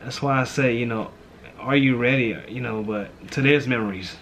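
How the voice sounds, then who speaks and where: A man's voice: mid-range voice, normal speed, fairly bright tone, a little hiss or hum. A man who grew up in St. Louis, a pastor and vlog host, talking heartfelt and reflective in a casual chat, often saying "man" and "you know".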